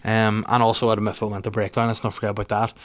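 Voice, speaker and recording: Rambling Northern Irish comedian. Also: male voice, on the low side, completely flat delivery, quick pace. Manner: rambling, self-deprecating, sweary. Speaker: podcast host. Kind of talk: casual comedic monologue.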